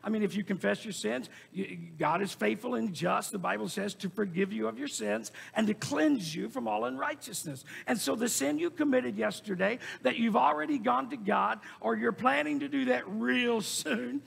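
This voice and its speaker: A man preaching a sermon as pastor, pressing his points through emphatic repetition and rising shouts. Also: high voice, normal speed, gravelly, hardly any pauses, husky. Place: church sanctuary. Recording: long reverb of a church hall.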